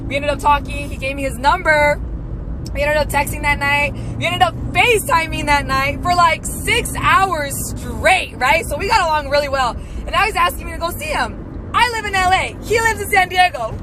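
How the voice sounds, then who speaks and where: A woman's voice: high-pitched, normal speed. A woman tells a story to her camera in a brash, profane, gushing way. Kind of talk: story time vlog. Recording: noisy traffic in the background.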